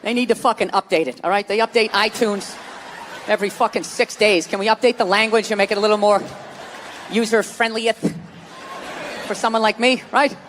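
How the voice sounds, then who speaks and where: A man doing a stand-up comedy set, profane and animated, slipping into mocking voices. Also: sits high, fast, a little hiss or hum. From United States. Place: large hall before a live audience. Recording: live stage recording in a reverberant hall with crowd.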